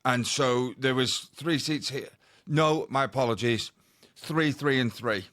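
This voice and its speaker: A man's voice: medium pitch, unhurried, fairly bright tone, no room sound, clean studio sound. A man co-hosting a podcast, telling a rambling anecdote in casual chat. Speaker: podcast co-host.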